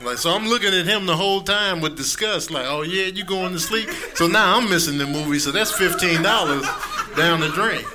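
A man's voice: a little high, a little fast, noisy background. A man in his thirties doing a stand-up comedy set, acting out characters in raised voices.

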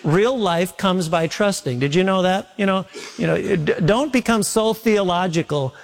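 A man's voice: sits high, moderate pace, creaky. A male pastor preaching a sermon in a folksy, repetitive way, telling homely stories. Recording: long reverb of a large hall.

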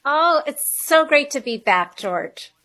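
A middle-aged woman speaks as a radio interview guest in a high, bright-pitched voice. She talks slowly and earnestly, reflective, and often stacks up questions as she works through a thought. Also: animated. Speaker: guest author and money coach.

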